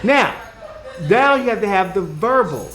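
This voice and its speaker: A man co-hosting a casual podcast, talking in an animated way, laughing often and slipping into playful voices. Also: sits high, measured pace, a little hiss or hum. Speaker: podcast co-host, communications consultant. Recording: echoey room.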